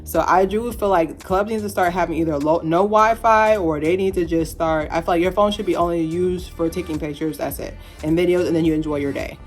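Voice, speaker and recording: Animated low-voiced woman in her thirties. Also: fairly quick, hardly any pauses, soft background music. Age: 30s. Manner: animated, laughs often, playful asides. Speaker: vlogger. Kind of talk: casual opinion rant to camera.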